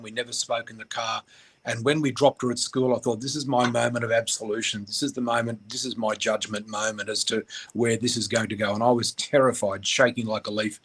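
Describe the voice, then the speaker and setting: A middle-aged man from Australia, a radio guest, telling a personal story in a halting, emotional way with many fillers. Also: mid-range voice, fairly bright tone, breathy edge.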